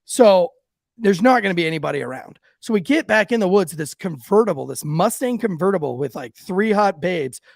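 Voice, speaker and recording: Raspy high-voiced man telling a story. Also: lively intonation, fairly quick, dry recording, clean studio sound. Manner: profane, rambling, lots of "like". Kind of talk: casual storytelling.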